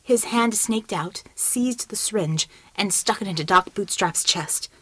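A woman reading an audiobook in measured scripted narration, close to the microphone. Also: medium pitch, a bit bright, breathy edge, no echo.

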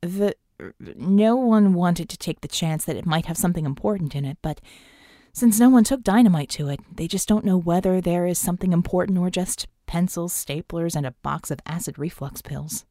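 A woman putting on a sardonic woman operative who talks fast and slightly low, with a mellow, warm tone. She sounds close and dry, as in an audiobook. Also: dry recording, lightly acted. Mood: wry.

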